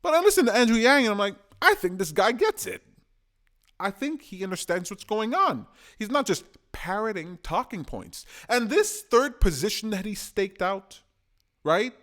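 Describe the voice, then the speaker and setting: Man, high-pitched, very animated, rambling vlog talk. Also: moderate pace. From Canada. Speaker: political commentary vlogger. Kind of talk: casual rambling commentary.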